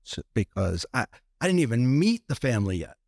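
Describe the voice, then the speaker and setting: A man's voice: medium pitch, big pitch swings, a little fast, gravelly, darkish tone, dry recording, clean studio sound. A man guest on a podcast, telling a personal story with many restarts and acting out what others said.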